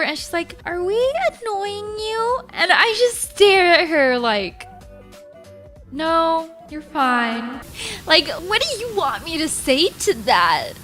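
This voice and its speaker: A woman streamer casually telling stories in an animated way, saying "like" constantly. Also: fairly high pitch. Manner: animated, heavy use of 'like'. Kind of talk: casual storytelling.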